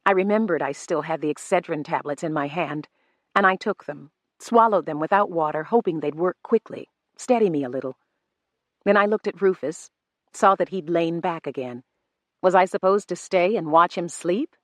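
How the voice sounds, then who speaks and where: A woman reading a novel aloud in first person, measured and restrained. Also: lowish voice, dry recording. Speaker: audiobook narrator. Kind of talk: first-person audiobook narration.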